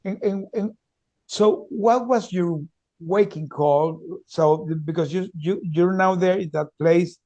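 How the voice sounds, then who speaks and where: Man, podcast host, somewhat high pitch, stammering questions, dry close sound. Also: takes it slowly, darkish tone, no room sound, lo-fi sound. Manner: stammers and repeats words when asking questions. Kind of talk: casual conversational interview.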